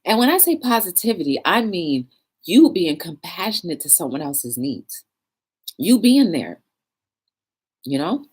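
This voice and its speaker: A woman's voice: fairly low pitch, very animated, a little slow, pauses often, husky. A woman hosting a live talk show, speaking earnestly and emotionally, close to tears. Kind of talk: live stream monologue.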